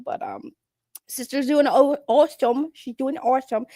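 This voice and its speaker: A woman's voice: a little high, expressive, moderate pace, mellow, no echo, clean studio sound. A woman hosting a livestream in casual, rambling chat. She is blunt and joking and swears freely as she greets her viewers. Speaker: livestream host.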